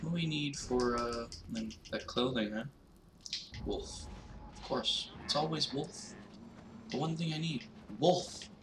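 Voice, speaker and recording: A young man commentating his gameplay, swearing and breaking into panicked shouts. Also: mid-range voice, unhurried, far from the mic. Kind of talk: let's play commentary. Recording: roomy, off-mic, noisy background.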